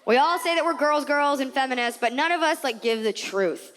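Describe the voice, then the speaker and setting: A woman's voice: high-pitched, a little fast, in a large hall. Sarcastic woman doing stand-up on stage. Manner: animated, sarcastic, acts out voices. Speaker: stand-up comedian. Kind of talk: stand-up comedy set. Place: theater stage.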